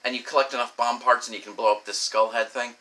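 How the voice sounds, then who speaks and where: A middle-aged man telling a crude personal story, animated and swearing freely. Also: medium pitch, fast, very noisy. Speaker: comedic storyteller.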